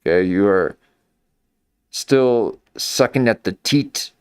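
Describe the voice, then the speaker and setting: A man's voice: fairly low pitch, slow, a little mellow, clear, resonant tone, no room sound, studio quality. A man giving rambling, mocking live-stream commentary into a desk microphone. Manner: mocking, meandering, full of restarts.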